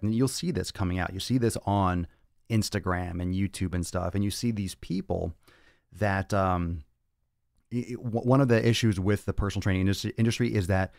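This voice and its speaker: Low-voiced blunt fitness host. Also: male voice, creaky, a little mellow, dry recording, clean studio sound. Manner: blunt and profane, lecturing. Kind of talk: blunt Q&A monologue.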